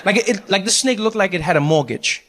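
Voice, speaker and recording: A male stand-up comedian telling a story with lots of energy, slipping into each character as he goes. His voice is high. The long reverb of a large performance hall trails behind him. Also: fast, noisy background. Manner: animated, acts out every character.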